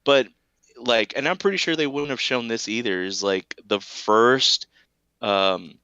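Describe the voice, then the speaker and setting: A man's voice: mid-range voice, a little slow, smooth, dry recording. A man on a casual podcast panel, telling comic stories with lots of "like" and acting out scenes. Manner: animated storyteller, acts out comic scenes in voices.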